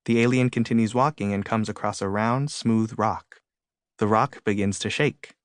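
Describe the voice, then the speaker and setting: A man's voice: fairly low pitch, steady tone, normal speed, clear, resonant tone, dry recording. Man narrating a storybook, dry studio sound. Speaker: author and narrator. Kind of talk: scripted audiobook narration.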